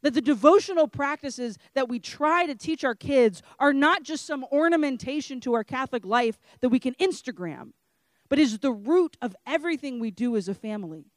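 A woman's voice: high voice, animated, normal speed, no echo. Woman speaker, passionate faith talk, repeating phrases for rhythm, dry close mic. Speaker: conference speaker.

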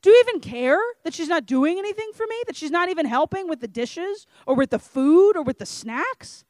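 A woman's voice: very high-pitched, lively intonation, brisk, darkish tone, no echo, voice pushed up. A woman voicing an exasperated, sassy woman who demands to know whether anyone cares that she is left to work alone. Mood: indignant. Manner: indignant, rising complaint.

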